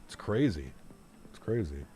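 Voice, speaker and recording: A man's voice: low-pitched, sing-song, a little slow, dark tone. A young man streaming a flight sim, chatting casually with his viewers, joking and playing with how place names are pronounced. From Canada. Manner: chatty, joking, plays with pronunciations. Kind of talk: casual live-stream chat.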